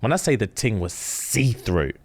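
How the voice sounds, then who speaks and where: A young man, co-hosting a podcast and telling a story in a lively, slang-filled way, acting out other people's lines. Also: lowish voice, normal speed. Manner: animated retelling with quoted voices and London slang. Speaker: podcast co-host. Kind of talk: casual chat, storytelling.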